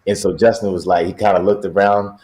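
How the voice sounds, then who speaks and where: A man's voice: sits low, flat delivery, brisk, darkish tone. A middle-aged basketball coach, a man, telling stories in a casual chat and laughing often as he talks. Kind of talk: casual storytelling.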